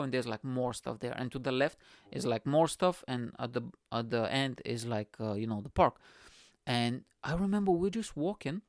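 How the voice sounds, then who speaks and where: A man from Bulgaria with a Bulgarian accent, hosting his own show and telling a profane, animated story in casual chat. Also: mid-range voice, no room sound, clean studio sound. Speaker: podcast host.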